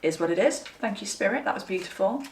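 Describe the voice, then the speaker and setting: A woman's voice: mid-range voice, animated, fast talker, reverberant, distant mic, a little hiss or hum. A young woman chatting candidly to her viewers while giving a pick-a-card tarot reading. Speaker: tarot reader.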